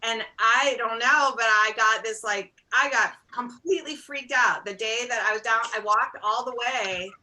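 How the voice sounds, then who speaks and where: A middle-aged woman, a singer-songwriter guest, telling stories in a casual interview in an animated, self-deprecating way, acting out bits of dialogue. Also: on the high side, moderate pace, hardly any pauses, rough recording. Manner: animated, acts out quoted dialogue.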